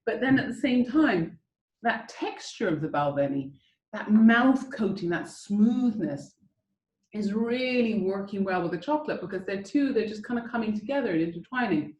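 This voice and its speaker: A woman's voice: medium pitch, lively intonation, normal speed, darkish tone, reverberant, highs cut off. A woman hosting a guided whisky and chocolate tasting over a video call, chatty and enthusiastic as she coaches the listeners.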